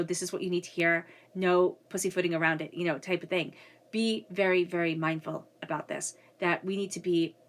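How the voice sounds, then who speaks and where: A woman's voice: on the low side, fairly bright tone. A woman giving a casual spiritual reading who is coming down with a cold and speaks earnestly, often repeating herself and checking in with "okay?". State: getting a cold. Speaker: tarot reader.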